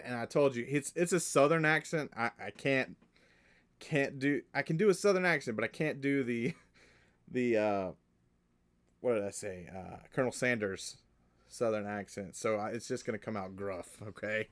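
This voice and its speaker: A man running a tabletop game as game master, describing the scene in a slow, halting way. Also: mid-range voice.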